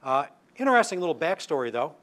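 An older man with a somewhat high voice gives a public science talk. He tells stories loosely, with asides and restarts. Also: sing-song, quick pace, fairly bright tone. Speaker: lecturing astronomer.

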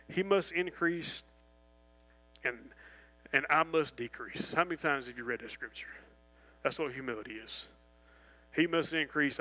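A man preaching a sermon in a church, animated and folksy, full of restarts and asides. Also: fairly high pitch, rough recording. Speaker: pastor. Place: church sanctuary.

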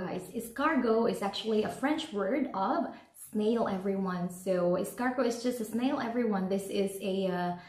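A woman's voice: mid-range voice, darkish tone. A woman hosting a casual mukbang vlog, eating between words and chatting to her viewers. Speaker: vlogger. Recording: roomy echo.

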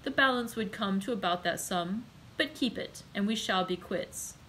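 A woman reading the lines of a wealthy, commanding nobleman count, calm, gracious and cold. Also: medium pitch, normal speed, slight background noise, lightly acted, low-quality recording. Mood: cool, dry.

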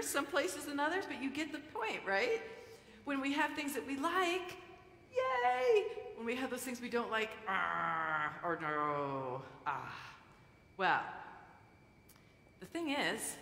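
In a church sanctuary, a woman pastor leads prayer and then gives a playful, coaxing children's message during the service. Her voice is fairly high with a sharp tone and a slight hiss or hum. The hall is echoey, with a long reverb.

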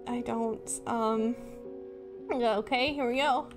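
A woman's voice: a little high, steady tone, slow pace, music in the background. A woman live-streaming a horror game, chatting and apologizing to viewers, laughing nervously and breaking into sudden screams. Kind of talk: casual live-stream chat.

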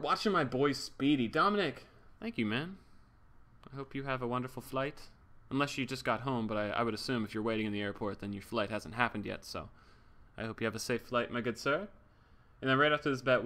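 A man's voice: lowish voice, a bit bright. A young man streaming a game, chatting casually, joking, swearing and thanking subscribers as he reads the chat. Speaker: livestreamer.

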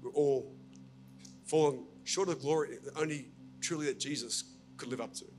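A man preaching as senior pastor at a church service, telling a story and appealing earnestly and directly to his listeners. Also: on the high side. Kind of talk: sermon.

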